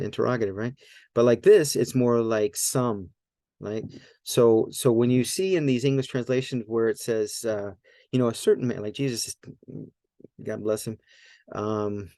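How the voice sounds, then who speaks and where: A man with a low, gravelly, mellow voice teaches in a loose, conversational way. He explains step by step and keeps asking "right?" The sound is dry and close, with no room around it. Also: no room sound. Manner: informal, many fillers, explains step by step, asks "right?". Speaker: Greek language teacher. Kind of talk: casual teaching.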